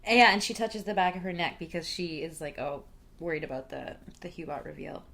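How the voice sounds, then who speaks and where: A woman's voice: low voice, a little fast, gravelly, a bit bright. A woman co-hosting a podcast, chatting casually and laughing often as she retells TV scenes. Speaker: podcast co-host. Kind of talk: casual chat recapping a TV show.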